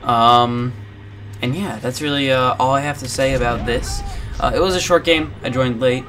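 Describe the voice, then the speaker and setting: A man's voice: mid-range voice, moderate pace. A man hosting a gaming channel, rambling in casual commentary over gameplay with lots of filler words.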